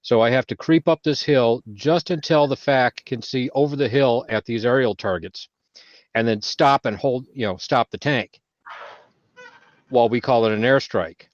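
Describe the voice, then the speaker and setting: A man on a veterans' panel telling a service story in casual chat, swearing freely and getting loud when he quotes himself. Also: medium pitch, moderate pace, no room sound. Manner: heavy profanity, loud bursts when quoting himself. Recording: dull lo-fi audio.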